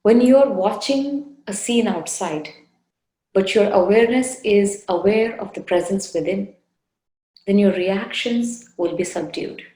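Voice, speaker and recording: Soft-spoken woman teacher, echoey room. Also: mid-range voice. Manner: soft, unhurried, gently coaxing with repeated phrases. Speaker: spiritual teacher leading a satsang. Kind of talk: devotional talk with guided meditation. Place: indoor room.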